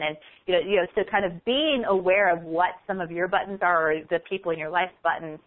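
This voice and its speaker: A woman guest on an ADHD podcast, talking earnestly and acting out quick examples of inner thoughts. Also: lowish voice, fairly even intonation. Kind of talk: podcast interview. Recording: tinny phone line.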